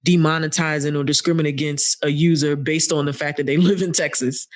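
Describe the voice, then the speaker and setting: A man's voice: a little high, fairly even intonation, quick pace. A young adult man co-hosting a podcast, making blunt, wry remarks in casual chat. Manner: blunt, wry, laughing asides. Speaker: podcast co-host.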